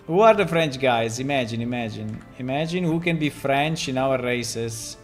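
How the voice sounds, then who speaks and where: A man who develops a game, chatting casually and thinking aloud on a stream, amused and relaxed. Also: mid-range voice, normal speed, few pauses, faint music behind.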